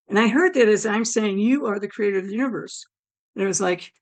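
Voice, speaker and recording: A woman with a hoarse, damaged throat telling her near-death story, acting out her own thoughts as she goes. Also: mid-range voice, brisk. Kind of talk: personal storytelling.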